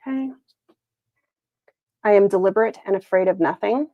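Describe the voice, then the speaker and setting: A woman's voice: medium pitch, moderate pace, no room sound, narrow, tinny audio. Chatty upbeat woman hosting a livestream. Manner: chatty and upbeat, laughs often. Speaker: planner shop owner hosting a livestream. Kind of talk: casual livestream product reveal. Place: Arizona.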